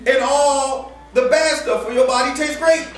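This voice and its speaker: Man, sermon, high voice, slangy and playful, echoey room, distant mic. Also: fairly even intonation, a little slow. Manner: casual slang-filled preaching, acts out dialogue, laughs often. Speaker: campus minister preaching.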